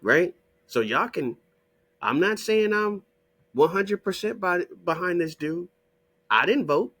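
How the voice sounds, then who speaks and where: A man giving profane, combative ranting commentary over a shared screen, hammering rhetorical questions and repeated demands in a husky voice. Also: sits high, lively intonation, takes it slowly, fairly bright tone. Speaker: online video creator.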